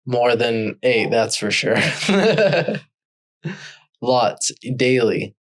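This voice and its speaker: A man's voice: mid-range voice, big pitch swings, extremely slow. A man hosting a podcast interview, chatting casually and giving short affirming replies. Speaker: podcast host.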